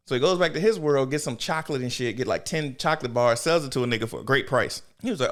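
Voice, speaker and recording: A man co-hosting a podcast, telling stories in a casual, slangy, animated way, swearing freely and acting out quotes. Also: medium pitch, fast talker, smooth. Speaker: podcast co-host. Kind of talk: casual storytelling chat.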